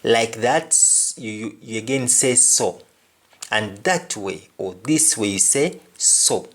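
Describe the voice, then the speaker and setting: A man teaching a spoken language lesson, saying each example phrase twice and then explaining its meaning. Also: fairly low pitch. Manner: deliberate, explanatory delivery.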